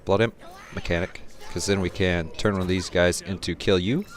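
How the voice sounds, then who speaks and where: A man giving live commentary on his own card game, thinking his moves through aloud and getting excited or laughing at his own mistakes at his home computer. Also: sits low, moderate pace. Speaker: gameplay commentator.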